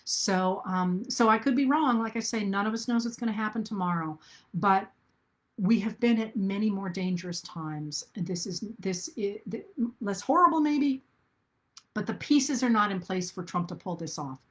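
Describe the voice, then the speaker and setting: A woman's voice: mid-range voice, moderate pace. A middle-aged woman hosting a live video talk to her viewers, earnest and thinking aloud, with restarts and fillers. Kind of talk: casual live-stream talk.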